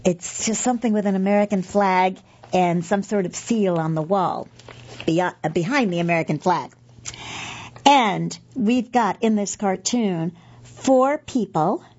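A woman's voice: medium pitch, unhurried, darkish tone, dull audio. A middle-aged woman reading magazine pieces aloud for a podcast, chatty and correcting herself with asides.

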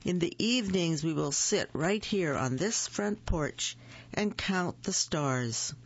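A reader voicing an eager, cheerful young male frog who calls out excitedly, in a gravelly voice. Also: mid-range voice, takes it slowly, dry recording, muffled recording, heavily acted. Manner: calling out excitedly.

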